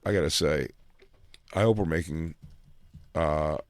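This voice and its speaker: A man's voice: rumbling low, measured pace, no echo. A man in his forties riffing crude jokes as a podcast co-host. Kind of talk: casual chat.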